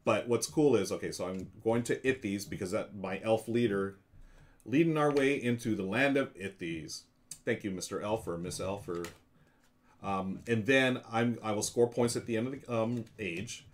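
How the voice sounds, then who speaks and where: A man's voice: on the low side, moderate pace. A man hosting a live stream, casually walking his chat through a board game's rules and moves, with many fillers. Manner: chatty, explains moves aloud to chat with frequent fillers.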